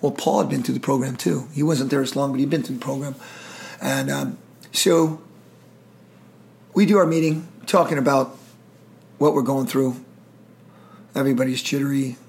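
A man's voice: medium pitch, steady tone, moderate pace, vocal fry, pauses often, a little mellow. A middle-aged man telling war stories in an interview, intense, emotional and profane. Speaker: guest, military veteran. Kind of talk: storytelling interview.

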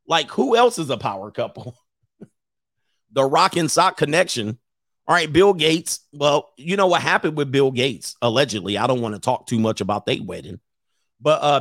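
A man's voice: medium pitch, no echo, studio quality. A man hosting a casual livestream, telling stories with lots of laughter and reading viewer comments aloud. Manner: animated storyteller who laughs often. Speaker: host of a livestream show.

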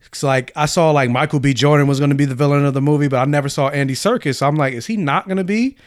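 A man co-hosting a casual podcast chat, talkative and quick to laugh, restarting his sentences as he goes. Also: a little high, no room sound. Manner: chatty, laughs often, restarts. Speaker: co-host.

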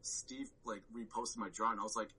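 On the low side and fairly quick, this man's voice has a sharp tone and fairly even intonation, captured in a low-quality recording with slight background noise. He's a podcast guest in casual storytelling chat, rambling, saying "like" a lot, cursing, and acting out how he reacted.

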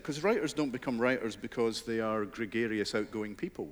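A man's voice: mid-range voice, expressive, fairly quick, a little hiss or hum. A middle-aged Scottish man talking as a guest author on stage, self-deprecating and laughing, with stammered restarts. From Scotland. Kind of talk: onstage conversation. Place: large hall with live audience. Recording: reverberant large hall.

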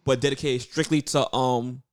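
Laid-back man giving shout-outs. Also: mid-range voice, fairly even intonation, moderate pace. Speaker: podcast co-host. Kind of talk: casual chat.

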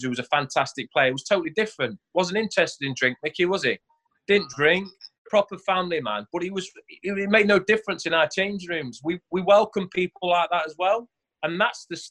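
A man's voice: a little high, a bit bright. Boisterous man reminiscing. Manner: boisterous storyteller, laughing often. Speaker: podcast guest, former footballer. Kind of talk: casual chat.

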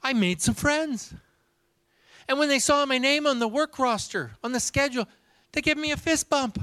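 A man's voice: extremely high pitch, moderate pace, bright, forceful tone, no room sound, voice pushed up. Man doing an eager man with a speech impediment. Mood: thrilled. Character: earnest, excitable man with a slight speech impediment.

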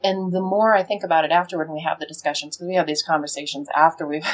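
Husky-voiced woman hosting a talk show. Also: low-pitched, racing, poor audio. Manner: animated, laughs often, acts out quoted speech. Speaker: podcast and radio host. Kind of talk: conversational interview. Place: radio studio.

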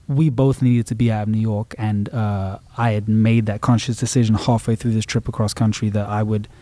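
A man's voice: fairly low pitch, level tone, normal speed, dark tone, no echo. A man, a musician guest, talking reflectively in a casual interview, rambling with frequent restarts.

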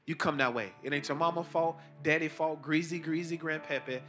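A middle-aged pastor preaches with a fairly high voice that climbs sharply on key points. He mixes loose street slang into his sermon, and faint music plays behind him. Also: steady tone, a little fast. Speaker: pastor, team chaplain.

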